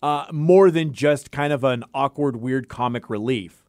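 A man's voice: medium pitch, a little slow, a little mellow, dry recording, studio quality. A man co-hosting a podcast in easygoing casual chat. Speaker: podcast co-host.

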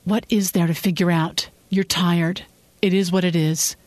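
A woman's voice: lowish voice, normal speed, no echo, pitched above the performer's own voice, close to an everyday voice. A woman voicing an adult husband, anxious and pushy by turns, in a fiction reading. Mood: stern. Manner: pleading, then stern. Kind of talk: audiobook-style fiction reading.

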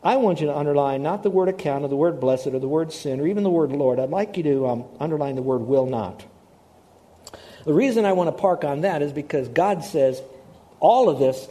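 A middle-aged man preaching a sermon as pastor, animated and repeating words for emphasis. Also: on the high side, a little fast. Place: church in Hawaii.

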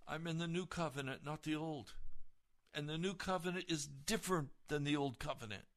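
A man's voice: on the high side, a little fast. A male pastor giving an earnest, emotional testimony on a broadcast sermon.

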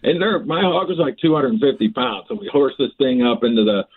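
A man on a podcast as a guest, telling a lively story, often laughing and restarting phrases. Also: mid-range voice, a little fast, breathy edge. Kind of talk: animated storytelling. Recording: tinny phone-like line.

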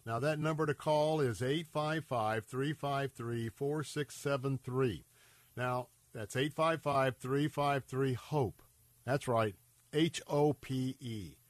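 A man's voice: mid-range voice, slow pace, no echo. A man hosting a radio show, making an urgent fundraising appeal in an earnest, pleading way, his voice a little scratchy and congested. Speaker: radio host.

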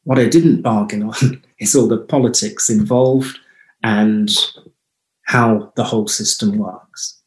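A man's voice: fairly low pitch, slow, darkish tone, reverberant, rough recording. A man from the United Kingdom, a guest on an interview show, telling reflective personal stories in a conversational way. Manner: reflective, anecdotal storyteller. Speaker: guest, holistic health clinic founder.

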